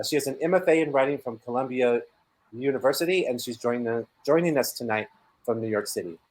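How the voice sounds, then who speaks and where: Male bookstore host, reads the intro script, formal and even. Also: medium pitch, low-quality recording. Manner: reads announcements and guest bios in an even, formal way.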